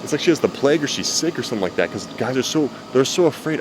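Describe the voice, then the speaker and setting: A man's voice: mid-range voice, animated, rapid-fire, noisy background. A man giving blunt, profane dating advice in casual talk to camera, outdoors. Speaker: dating coach. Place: outdoors with cicadas. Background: faint cicadas.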